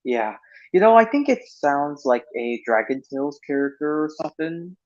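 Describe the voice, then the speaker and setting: A man's voice: fairly high pitch, big pitch swings, normal speed. A man hosting a casual voice-chat stream, chatty and enthusiastic, often laughing. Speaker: stream host. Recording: lo-fi online voice chat.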